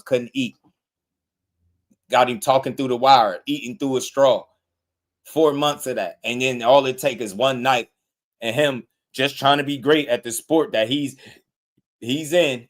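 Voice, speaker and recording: A man hosting a live boxing talk stream, talking in a loose, slangy way and often repeating words as he thinks. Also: mid-range voice. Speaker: boxing talk show host. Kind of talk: casual livestream commentary.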